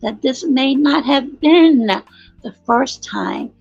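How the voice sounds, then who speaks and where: A woman speaking slowly and deliberately, her voice high with a gravelly edge. The sound is dry and a little dull, with faint music in the background. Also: expressive, darkish tone, no room sound. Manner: slow, deliberate, measured. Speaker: guest. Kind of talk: casual chat.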